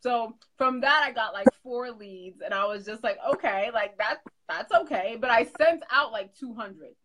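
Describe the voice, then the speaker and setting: A woman hosting a casual live-stream chat, chatty and quick to laugh. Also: fairly high pitch, fairly bright tone, a little hiss or hum, poor audio. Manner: chatty, laughs often, quotes herself. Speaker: host.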